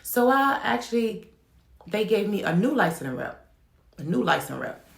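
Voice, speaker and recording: A woman's voice: medium pitch, very animated, normal speed, vocal fry, echoey room. A woman who runs a home child care business, talking frankly to the camera and telling her stories with emphasis. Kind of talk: candid talk-to-camera advice.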